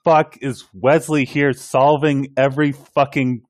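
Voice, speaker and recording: A man's voice: medium pitch, little pitch movement, a little slow. A man co-hosting a podcast, talking casually in a sardonic, swearing way. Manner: sardonic, swears, mocks characters. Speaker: podcast co-host. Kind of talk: casual chat.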